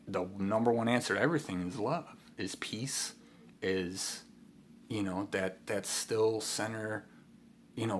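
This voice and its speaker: A man's voice: mid-range voice, fairly bright tone, slight background noise. A man giving a casual spiritual talk, rambling with many fillers and restarts. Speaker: spiritual teacher.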